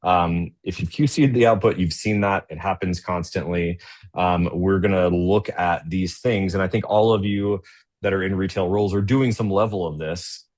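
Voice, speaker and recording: On a casual business webinar, a low-pitched male presenter walks viewers through a software demo at normal speed with a steady tone. His delivery is loose and chatty, points regularly capped with "right?", and he seems to be using a computer mic on a video call.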